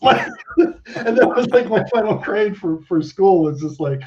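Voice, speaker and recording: A man around fifty telling stories as an interview guest, animated and swearing, acting out the people he quotes. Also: high-pitched, moderate pace. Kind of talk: casual interview storytelling. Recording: dull lo-fi sound.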